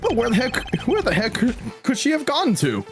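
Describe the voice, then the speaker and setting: A cheery, nosy male reporter who teases and exclaims his way through every line, read aloud by a streamer. The pitch swings up and down in a lively way, and game music plays clearly behind him. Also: moderate pace. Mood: concerned. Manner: breezy, teasing, exclaiming. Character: chatty upbeat male reporter.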